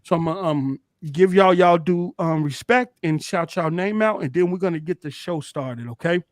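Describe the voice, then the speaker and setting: High-voiced laid-back man hosting a podcast. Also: moderate pace, dry recording. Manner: laughing, shouting out chat names. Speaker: podcast host. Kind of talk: casual gaming podcast chat.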